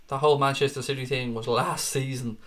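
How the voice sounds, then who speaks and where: A man's voice: medium pitch, fairly even intonation, a little fast, a bit bright. A man in his thirties hosting a fan live stream, reading chat and answering in a blunt, chatty way, swearing freely and calling viewers mate.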